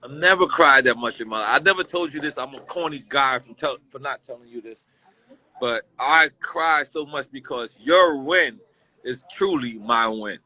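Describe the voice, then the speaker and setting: A man's voice: mid-range voice, normal speed, pushed and bright, rough recording. A man speaking as a guest in a casual, heartfelt conversation. He tells a story with feeling and repeats himself often. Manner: emotional, repetitive, storytelling.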